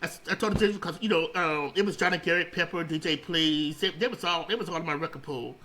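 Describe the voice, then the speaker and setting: Animated, bright-voiced man telling stories. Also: on the high side, fast, poor audio. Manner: rambling, repeats words and restarts, animated storyteller. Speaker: interview guest, radio founder. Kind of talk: casual storytelling interview.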